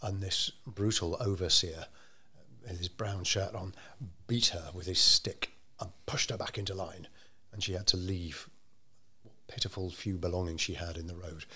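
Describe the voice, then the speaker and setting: A man telling a story in an interview, measured and unhurried, with frequent ums and restarts. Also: sits low, steady tone, sharp tone. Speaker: interviewee telling local history. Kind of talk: conversational storytelling.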